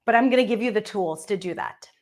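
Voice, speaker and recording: A woman's voice: mid-range voice, fast talker. A woman with an Israeli accent, a native Hebrew speaker, teaching English pronunciation and fluency and checking in often with "okay?" and "right?". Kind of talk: teaching presentation.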